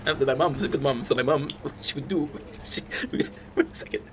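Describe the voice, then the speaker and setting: A man tells rambling childhood stories at a quick clip, laughing often. The recording is dull and lo-fi, with steady noise behind him. His voice sits in an ordinary middle pitch. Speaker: channel host. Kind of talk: casual storytelling. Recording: dull lo-fi sound with clear noise.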